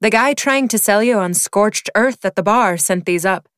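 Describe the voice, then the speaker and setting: A woman's voice: mid-range voice, moderate pace, fairly bright tone, clean tone, dry recording, voice pushed up, lightly acted. Irish male bartender, solemn and matter-of-fact, dry close sound, read by a woman.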